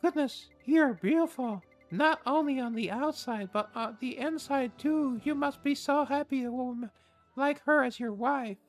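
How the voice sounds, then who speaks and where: A man's voice: extremely high pitch, moderate pace, faint music behind, voice pushed up. A man voicing a prim, apologetic mother in a raised voice with an odd made-up accent. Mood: gushing. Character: fussy apologetic young mother.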